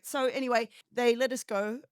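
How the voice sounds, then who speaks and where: A woman's voice: on the high side, moderate pace, smooth, no echo, clean studio sound. Cheeky laughing woman telling stories. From Philippines. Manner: cheeky, laughing, animated storytelling. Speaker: podcast guest, padel player. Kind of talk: rapid-fire question interview.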